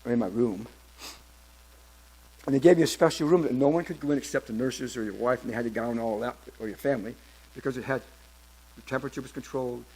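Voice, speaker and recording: A man in his seventies telling his personal testimony at church, in a halting storytelling way with many restarts. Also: medium pitch, darkish tone, low-quality recording. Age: 70s. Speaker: church member giving testimony.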